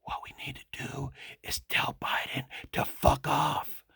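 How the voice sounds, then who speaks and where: A man doing a whispered role-play impression of an elderly male president, in a breathy mocking whisper. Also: mid-range voice, completely flat delivery, takes it slowly, sharp tone, no room sound, studio quality, voice pushed down, heavily acted.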